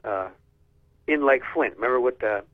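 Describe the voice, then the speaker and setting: A man's voice: medium pitch, moderate pace, no echo. An older man chatting loosely and offhandedly, dropping the odd casual swear. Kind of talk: casual chat. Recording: thin phone-line sound.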